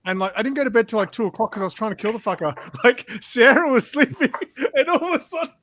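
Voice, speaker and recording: A man's voice: extremely high pitch, lively intonation, quick pace, dry recording. A man chatting casually on a live stream, telling a rambling story full of swearing. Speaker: stream co-host. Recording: loud background noise.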